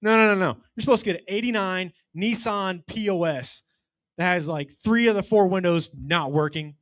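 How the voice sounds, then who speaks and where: A man's voice: high voice, normal speed, a bit bright, no room sound, studio quality. A middle-aged man doing a stand-up comedy set, telling a profane story with brash delivery and acting out voices.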